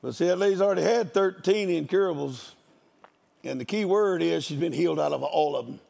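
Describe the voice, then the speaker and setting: Older man, guest preacher, high voice, very gravelly, folksy joking sermon. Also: fairly quick, darkish tone. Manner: folksy, joking, drawling country talk. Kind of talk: storytelling sermon.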